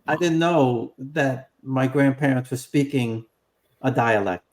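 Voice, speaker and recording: A man hosting a casual panel chat, relaxed and friendly, with some fillers. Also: mid-range voice, slow. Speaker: host.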